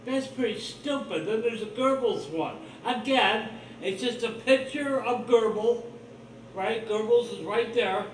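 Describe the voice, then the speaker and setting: A man's voice: extremely high pitch, unhurried, recorded from a distance, a little hiss or hum. A man hosting his own livestream, talking in a rambling, blunt, profane monologue full of suspicion. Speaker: livestream host. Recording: roomy echo, voice off-mic, faint ambience.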